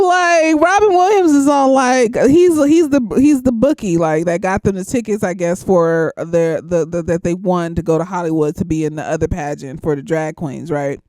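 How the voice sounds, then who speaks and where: A woman's voice: mid-range voice, darkish tone, no echo. A young woman, a therapist a little tipsy, rambling through a casual movie review with lots of swearing and laughter. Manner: rambling, profane, laughs often. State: slightly tipsy.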